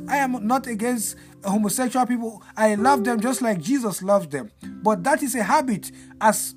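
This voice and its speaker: A male pastor delivering a fervent deliverance sermon, repeating phrases in a sing-song preaching cadence. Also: very high-pitched.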